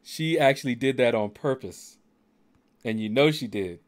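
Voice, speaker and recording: A middle-aged man in easygoing talk with a game stream's audience and co-host. His voice sits at an ordinary middle pitch, and his delivery stays unhurried, laid-back and dryly joking. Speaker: streamer hosting a gaming channel. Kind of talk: casual chat on a game stream.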